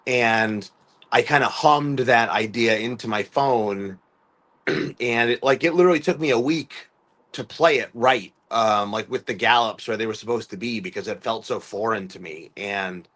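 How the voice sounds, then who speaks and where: A man's voice: medium pitch, a bit bright. Rambling man musician. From US East Coast. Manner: rambling, many fillers and restarts, acts out quoted voices. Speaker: musician guest. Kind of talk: casual conversational storytelling.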